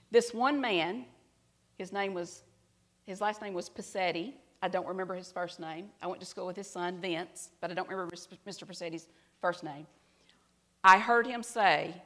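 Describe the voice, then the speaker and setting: A middle-aged woman, preaching a sermon and telling a personal story earnestly, her voice dropping soft and quiet at tender moments. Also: on the low side, fairly quick. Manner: earnest storytelling, drops to soft quiet tones at emotional parts.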